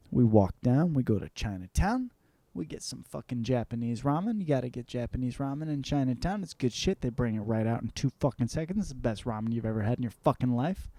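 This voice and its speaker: A man's voice: mid-range voice, lively intonation, brisk, mellow, no room sound. A young man hosting a show, telling a rambling, profane story in a casual comedic monologue. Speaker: host.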